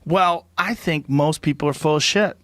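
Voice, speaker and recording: A man's voice: on the high side, normal speed, a bit bright, no echo. A middle-aged man hosting a podcast in a studio, talking bluntly with profanity in casual chat. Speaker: podcast host. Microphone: studio microphone.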